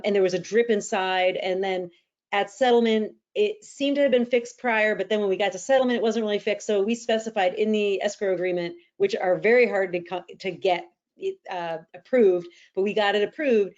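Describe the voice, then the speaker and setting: Female host, mid-pitched voice, earnest and practical, casual talk, a bit lo-fi. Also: a little mellow. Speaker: real estate agent and podcast host. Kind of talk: casual podcast conversation. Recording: slightly dull lo-fi audio.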